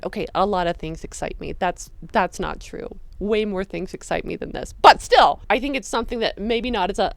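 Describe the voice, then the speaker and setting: A woman chatting casually about her own drawings, excitable and crude, with sudden loud bursts. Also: fairly low pitch, creaky. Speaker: video creator.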